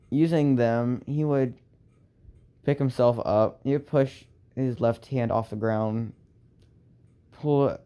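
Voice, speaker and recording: Young guy making up a fan story as he goes; slow, hesitant delivery, mellow smooth tone. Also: mid-range voice. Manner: halting, many restarts and fillers, sighs. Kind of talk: improvised fan story narration.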